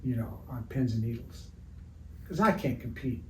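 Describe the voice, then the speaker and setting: A man's voice: mid-range voice, lively intonation, moderate pace, fairly bright tone. Older man telling a rambling story. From Evansville, Indiana area. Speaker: retired art teacher and sports artist. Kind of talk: casual storytelling in an interview. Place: his art studio. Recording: roomy, distant mic with faint noise.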